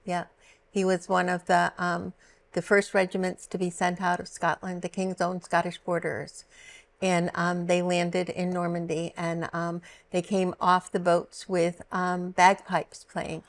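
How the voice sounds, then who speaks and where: A woman recounting family war stories in a steady, matter-of-fact way, with frequent pauses to think. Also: lowish voice. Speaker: guest. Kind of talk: personal storytelling.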